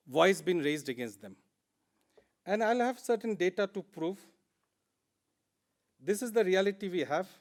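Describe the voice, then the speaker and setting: A man with an Indian English accent giving a plenary conference talk, earnest and emphatic, repeating words for stress. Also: sits high. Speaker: conference speaker.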